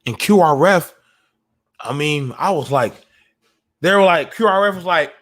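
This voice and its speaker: A man, a military veteran, telling a raw story in the first person, halting and profane with frequent restarts. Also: on the high side, expressive, fairly bright tone.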